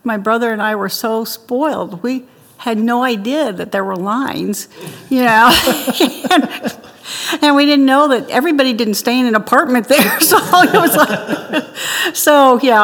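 A woman's voice: a little high, moderate pace. Older woman telling stories in a hall. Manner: chatty, laughs often, warm storytelling. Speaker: interviewee. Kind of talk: interview storytelling.

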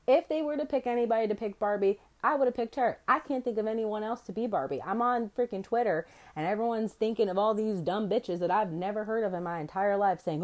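A woman's voice: medium pitch, fairly quick, hardly any pauses. A young woman hosting her own podcast, ranting brashly and swearing freely as she tells stories. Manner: brash, profane, animated storytelling. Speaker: podcast host. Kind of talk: solo podcast rant.

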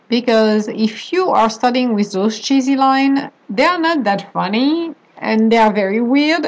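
A young adult woman vlogger telling a personal story in a rambling, animated way, laughing as she goes. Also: medium pitch, low-quality recording. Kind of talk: casual storytelling monologue.

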